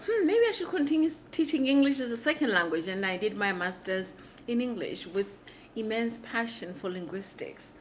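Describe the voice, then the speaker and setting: A woman hosts a casual livestream in a high, hoarse voice. She talks slowly and swings her pitch widely as she jokes with her viewers. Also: a little hiss or hum. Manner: animated, playful, laughs often. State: hoarse from screaming. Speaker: livestream host.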